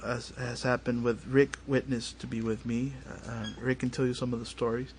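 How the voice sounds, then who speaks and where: A man's voice: medium pitch, moderate pace, a little hiss or hum. A man, a paranormal investigator telling a story as a guest in a studio interview and acting out the family's lines. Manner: animated, acts out family dialogue. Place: radio studio.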